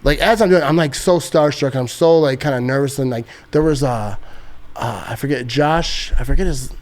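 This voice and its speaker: A man's voice: mid-range voice, moderate pace, a little mellow. A young man telling stories as a podcast guest, casual and rambling, full of fillers and frequent laughs. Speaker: podcast guest, sports content creator. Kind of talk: casual storytelling.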